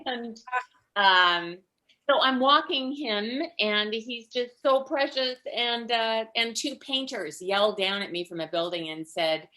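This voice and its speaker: An older woman with a bright, forceful voice performs stand-up over a video call. She tells her stories with lively acted-out voices and frequent laughs. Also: mid-range voice, slow pace. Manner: animated storyteller, acts out voices, laughs often. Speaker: stand-up comedian. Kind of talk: stand-up comedy storytelling.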